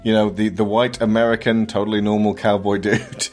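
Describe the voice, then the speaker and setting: A man's voice: on the low side, level tone, a little fast, soft background music. A man hosting a casual chat, rambling and playful, with many hesitations. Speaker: podcast host.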